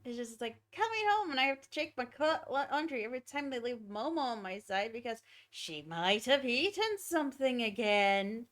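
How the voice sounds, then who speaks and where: Giggly high-voiced young woman streamer. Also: expressive, normal speed, hardly any pauses, fairly bright tone. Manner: giggly, chatting to her pets. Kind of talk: casual chat during a game stream.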